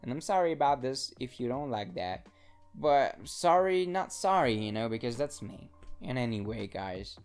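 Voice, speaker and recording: Faint music plays behind a young male podcast host whose mid-range voice is sing-song, moderately paced, darkish, and clean. Alone in his mountain apartment with his own podcast mic, he delivers a casual, rambling, profane monologue with lots of restarts.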